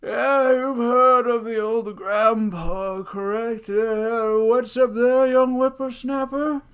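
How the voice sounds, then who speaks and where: A man putting on the voice of a teasing old grandpa, breathy and thin. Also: very high voice, steady tone, slow pace, a bit bright, pitched above the performer's own voice, exaggerated voice.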